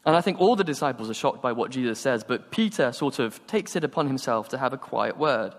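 A man preaching a sermon, telling stories and acting out the dialogue with animated energy. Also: mid-range voice, fairly quick. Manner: animated storytelling, acts out dialogue. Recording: long hall reverb.

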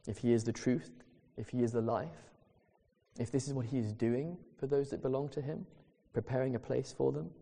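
In a large church hall whose long reverb rings behind each line, a man delivers an earnest, emphatic sermon, stretching out the phrases he wants to stick. His mid-range voice is dark, mellow, and gravelly.

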